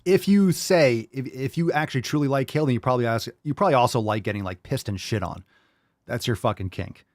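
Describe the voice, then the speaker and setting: A man hosts a live podcast and rants in a blunt, profane way. His voice sits at a middling pitch. The recording is dry, with no room sound around it. He mocks his listeners' excuses by slipping into put-on voices. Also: quick pace, no echo. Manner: mocking impressions of listeners. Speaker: podcast host.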